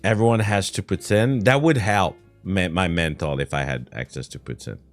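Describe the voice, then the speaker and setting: With soft music in the background, a low-pitched streamer talks at a moderate pace on his livestream. He's a French-speaking Quebecer with a Quebec accent who whines, rants, laughs frequently, and curses.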